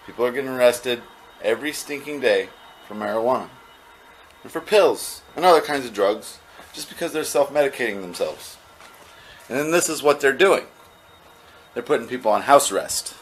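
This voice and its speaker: A man's voice: medium pitch, expressive, normal speed, long pauses, a little hiss or hum. A man talking casually to a home camera, rambling with fillers and repeated words. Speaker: vlogger. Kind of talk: casual home video talk.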